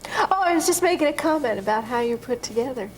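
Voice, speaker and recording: Flirty spoiled patient, teasing, higher voice, bouncy intonation. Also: female voice, animated, quick pace, rough recording. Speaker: patient in physical therapy. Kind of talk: daytime TV drama acting.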